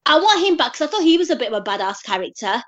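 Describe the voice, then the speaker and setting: A woman's voice: high voice, very animated, rapid-fire, dull audio. A woman on a panel chatting casually about a film, thinking aloud as she goes.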